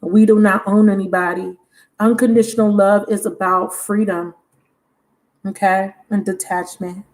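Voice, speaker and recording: A woman's voice: medium pitch, level tone, unhurried, a little mellow. A woman giving a casual, chatty tarot reading on a livestream, talking frankly and laughing often. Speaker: tarot reader.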